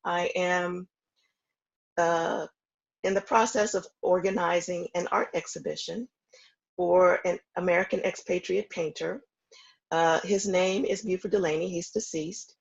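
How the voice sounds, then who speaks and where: A woman in her fifties with a low, gravelly voice, recounting her path in a measured, reflective way. She speaks over a dull, lo-fi call connection. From Houston, Texas. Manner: measured, reflective storytelling with frequent ums. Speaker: interview guest, foundation founder. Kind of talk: remote interview, storytelling.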